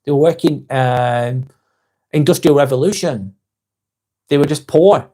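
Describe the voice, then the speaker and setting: A man's voice: fairly high pitch, a little slow, warm tone. An English man hosting a live vlog, chatting casually, reading out viewer comments, blunt and swearing freely.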